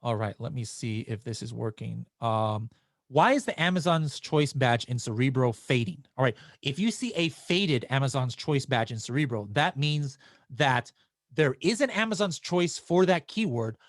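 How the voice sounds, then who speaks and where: Hosting a live webinar, this man answers viewers' questions casually, his mid-range voice full of restarts and filler words. The recording is dry and studio-clean.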